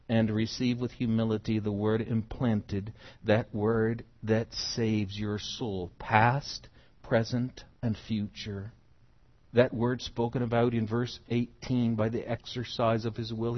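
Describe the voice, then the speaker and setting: A pastor preaching an expository sermon, moving from quiet teaching to loud, emphatic passages. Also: male voice, mid-range voice, muffled recording.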